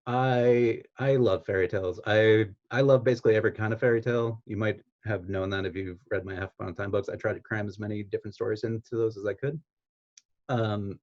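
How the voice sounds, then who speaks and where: A man, a children's author, reading his story and talking playfully with halting asides. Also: medium pitch, a little mellow, lo-fi sound. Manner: playful, self-deprecating, halting. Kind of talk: reading own story and talking on an online event.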